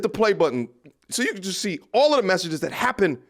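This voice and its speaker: A man's voice: sits high, big pitch swings, fairly quick. A man hosting a casual commentary video, laughing and mocking in a blunt, profane way.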